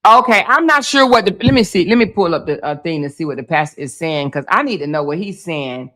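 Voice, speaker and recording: Hosting a laid-back reaction commentary, this woman speaks with a lowish voice at a fairly quick clip. Her delivery is lively and exclamatory, and she calls her audience "y'all" and "honey."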